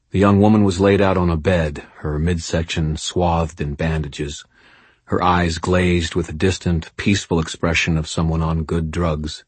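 Deep, husky male narrator, dry sound. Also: no echo. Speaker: audiobook narrator. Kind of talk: first-person scripted narration.

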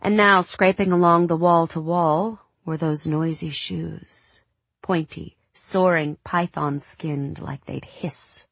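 Woman reading a novel, kinda husky low voice, dry close mic. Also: fairly even intonation, slow pace, no room sound. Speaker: audiobook narrator. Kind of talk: scripted narration.

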